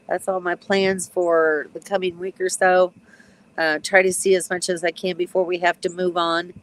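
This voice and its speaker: A woman in her sixties, a retired nurse, chatting casually on a live stream from her backyard, with a stuffy, runny nose, clearing her throat and chuckling. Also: on the low side, low-quality recording. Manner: chatty, reads out comments, frequent ums and chuckles.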